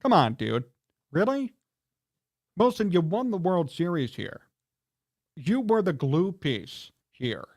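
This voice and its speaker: Male sports talk host with a high voice. Heated, indignant, scolding rant. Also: sing-song, slow, pauses often, a little mellow.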